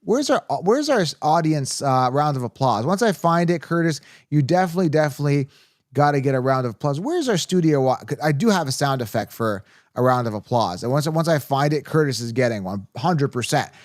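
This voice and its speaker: A man hosting a live fantasy football stream, excitably reading viewer comments and repeating himself for emphasis. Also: mid-range voice, a little fast, no room sound, clean studio sound. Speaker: fantasy football show host.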